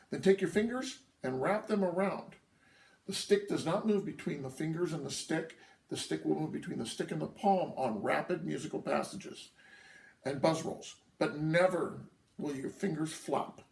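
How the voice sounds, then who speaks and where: A man teaching a drum lesson, patiently explaining rhythms and counting them out loud. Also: a little high, creaky, slight background noise. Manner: patient, counts rhythms aloud, checks in with "okay?". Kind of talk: instructional lesson. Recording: echoey room, voice from a distance.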